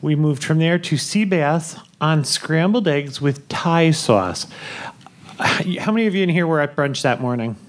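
A man's voice: a little high, expressive, unhurried. A man hosting a live podcast in a theater on a cruise ship, chatting and laughing as he tells the audience a story. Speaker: podcast host.

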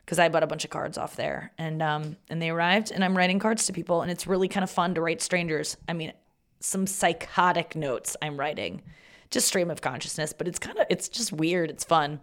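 A woman's voice: deep voice, brisk. A woman hosting a podcast in a rambling, casual monologue, swearing freely and joking at her own expense. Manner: chatty, rambling, profane and self-mocking. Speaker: podcast host.

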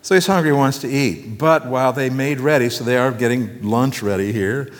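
A man's voice: mid-range voice, moderate pace. Male pastor, folksy and conversational sermon style, joking asides, long church reverb.

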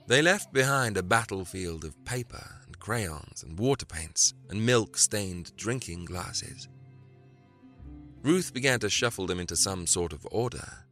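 A male narrator reading a story with drama and expression. His deep voice has a gravelly texture and a bright edge, and his pitch moves a lot, with soft music behind him. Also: expressive, a little slow. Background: faint music.

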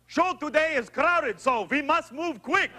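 A man's voice: very high-pitched, measured pace, pushed and bright, exaggerated voice. An actor with a put-on Russian accent playing a pompous male TV presenter who speaks stiff, broken English. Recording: TV clip with music behind.

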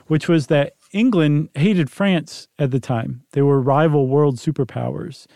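A man's voice: on the high side, a little slow, gravelly, warm tone, no room sound, studio quality. A man co-hosting a podcast, chatting casually and explaining things in a playful, wry way. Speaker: podcast co-host. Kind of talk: casual chat.

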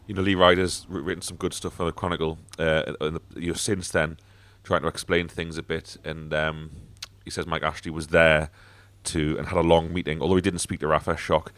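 A man hosts a casual football podcast in a deep, low voice. He talks bluntly, swears freely and stumbles through fillers and restarts. The sound is dry and close, with no room echo. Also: little pitch movement, a little fast, few pauses, fairly bright tone. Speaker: podcast host.

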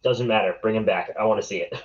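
Male co-host, lowish voice, deadpan blunt asides, muffled lo-fi recording. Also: fast. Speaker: podcast co-host. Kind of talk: casual chat. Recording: dull, lo-fi mic.

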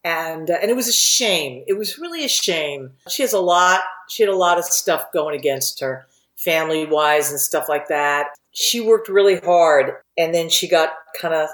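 A woman who writes and produces for TV, telling lively anecdotes in a casual interview and acting out the quotes. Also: low voice, normal speed. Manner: animated anecdote teller who acts out quotes. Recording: echoey room.

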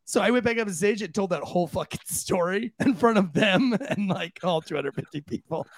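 A man co-hosting a podcast, telling a story in a casual, animated way and jumping into high voices for the people he quotes. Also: moderate pace, no echo. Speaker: podcast co-host.

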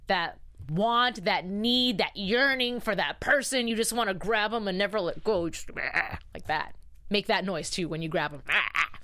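A woman's voice: medium pitch, pushed and bright. A woman hosting a casual live recap of a TV episode, chatty and emphatic as she reacts openly to the story. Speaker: TV show recap host.

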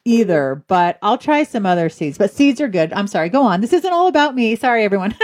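A woman host chats through a casual podcast interview. She is self-deprecating and laughs easily, in a mid-pitched voice. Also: sing-song, fairly quick, few pauses, darkish tone.

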